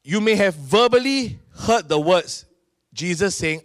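A middle-aged man with a Singaporean English accent, preaching a sermon in an animated storytelling manner. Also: high-pitched, a little slow, dry recording, clean studio sound. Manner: animated storytelling, acting out voices of people in his stories. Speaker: pastor.

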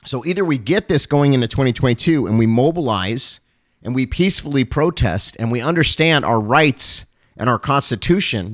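A man who is a pastor, giving an impassioned on-air talk, urgent and emphatic, repeating phrases and surging into loud, high calls. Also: dry recording, studio quality.

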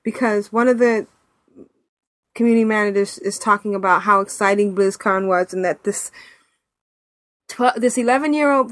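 A woman hosting a podcast in casual chat, animated and chatty, laughing often, talking over a remote call mic. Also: fairly high pitch, no room sound. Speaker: podcast host.

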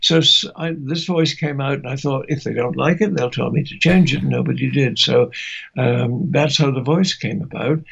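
An older man, a veteran actor, telling stories of his career in an unhurried, gentle way with soft laughs. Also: medium pitch, creaky, husky, lo-fi sound. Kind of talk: reminiscing interview.

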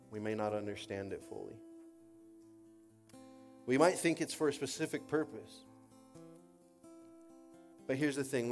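A man preaching a sermon in an animated storytelling way, acting out quoted voices and swinging from loud bursts to quiet passages. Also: medium pitch.

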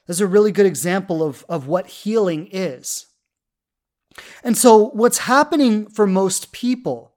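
A woman's voice: on the low side, darkish tone. A woman in her thirties, a love coach, telling a personal story in an earnest, heartfelt way, full of fillers and restarts. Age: 30s.

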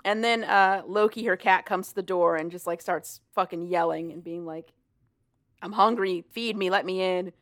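A woman casually recapping a story for a co-host, animated and profane, laughing often as she talks. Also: fairly low pitch, normal speed. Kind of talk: casual chat.

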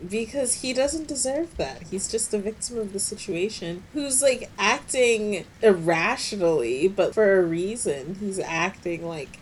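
A woman co-hosting a podcast in casual chat, relaxed and giggly. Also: medium pitch, a little slow, few pauses, a little hiss or hum, rough recording. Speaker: podcast co-host.

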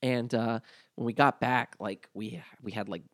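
A man in a casual podcast chat, telling long stories about his mother, full of "like" fillers and lively when he quotes people. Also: medium pitch, a little slow, no room sound, studio quality. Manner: rambling, lots of "like" fillers, animated when quoting people.

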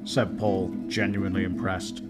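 A lowish male voice reads a comic tale in a deadpan, mock-heroic manner, building to bigger volume for action scenes. Guitar music plays steadily underneath. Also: normal speed. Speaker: storyteller. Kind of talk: comic mock-dramatic narration. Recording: music playing behind.

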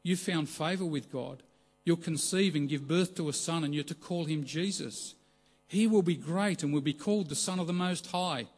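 A man reading an excited, proclaiming angel. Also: fairly high pitch, normal speed, close to an everyday voice. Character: jubilant male angel messenger.

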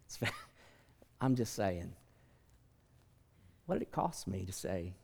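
A man preaching a sermon as pastor, in an animated manner that swings from soft asides to loud, emphatic lines. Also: sits low, takes it slowly, vocal fry, pauses often, husky. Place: large church sanctuary. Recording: long hall reverb.

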